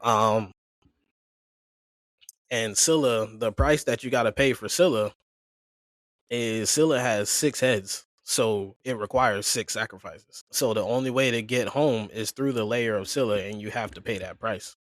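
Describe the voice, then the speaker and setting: Guy on a podcast retelling a story all animated, slangy voices for the characters, dry close sound. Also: on the low side, a little slow, dry recording. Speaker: podcast co-host. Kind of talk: casual chat, retelling a story.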